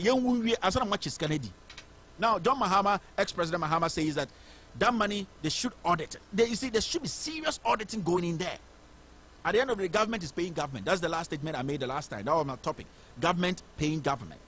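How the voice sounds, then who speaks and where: A man with a Ghanaian English accent delivers indignant political commentary, firing off rhetorical questions. His voice sits high for a man. A faint hum of background noise runs under the recording. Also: fairly bright tone. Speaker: host of a political commentary show.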